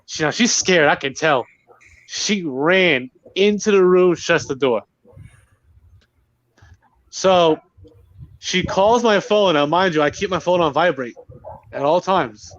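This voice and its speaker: A man from Rhode Island telling a story among friends in casual chat, swearing freely and with lively delivery. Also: a little high, slow, pauses often, lo-fi sound.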